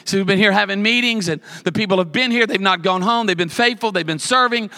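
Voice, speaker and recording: A man's voice: high voice, fast, sharp tone. A man preaching a sermon as pastor, telling a story with humor and building repeated emphatic lists.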